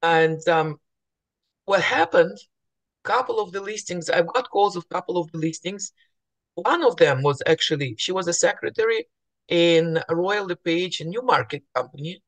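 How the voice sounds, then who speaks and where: A woman real estate agent speaking to fellow agents in a morning voice, telling stories chattily with restarts and acted-out bits of dialogue. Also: lowish voice. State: morning voice, clearing throat.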